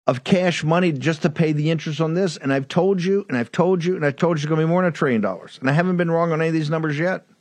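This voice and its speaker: A combative man hosts a political talk show, pressing his case and repeating his points. His voice sits a little high for a man. The sound is dry and close, with no room echo. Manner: combative, repetitive, addresses listener as "brother". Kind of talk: political commentary monologue.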